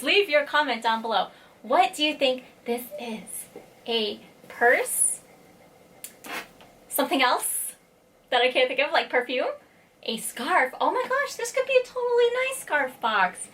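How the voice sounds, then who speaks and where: A young woman filming a casual unboxing vlog in her home workshop, bubbly and quick to squeal and giggle with excitement. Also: high-pitched, slight background noise. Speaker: vlogger.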